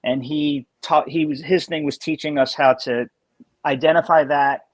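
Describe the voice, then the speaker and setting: A man with a fairly high voice tells stories as a guest in a casual interview. He is animated and often restarts his sentences mid-thought. The recording is dry and close, with little room sound. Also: normal speed, no room sound, poor audio. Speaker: guest drummer.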